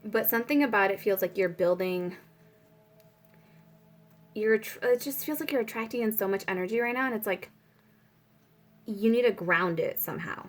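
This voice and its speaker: Speaking at a moderate pace with long pauses, a young tarot reader with a mid-range voice offers a casual spiritual reading. She rambles, leans heavily on fillers, and stops to pray out loud.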